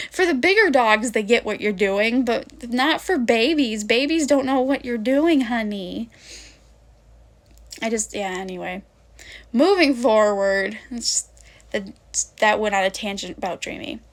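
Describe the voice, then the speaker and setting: A woman's voice: on the high side, expressive, unhurried. A woman streamer in casual, rambling chat who wanders off on tangents and swears offhandedly. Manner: rambling, goes off on tangents, many fillers. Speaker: VTuber streamer.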